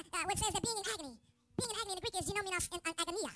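High-pitched fast-talking woman preacher. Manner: call-and-response preaching, rising fervor. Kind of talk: sermon. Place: church sanctuary. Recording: loud music behind the voice.

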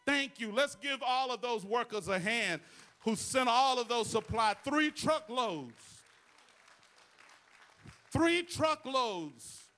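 A man's voice: very high-pitched, pushed and bright. A male pastor, preaching to his congregation with call-and-response asides. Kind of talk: sermon. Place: church sanctuary.

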